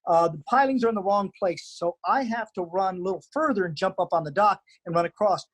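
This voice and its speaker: Speaking a little fast with a high, breathy-edged voice, a man who acts on stage and teaches tells lively theater stories in casual chat, often restarting sentences with stammers. The audio is poor.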